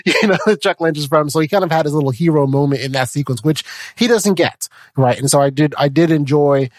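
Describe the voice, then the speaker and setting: A man hosting a podcast, chatting casually about a film, animated, restarting his sentences and tagging them with "right?". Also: on the high side, fast, no echo. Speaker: podcast host. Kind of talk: casual film review chat.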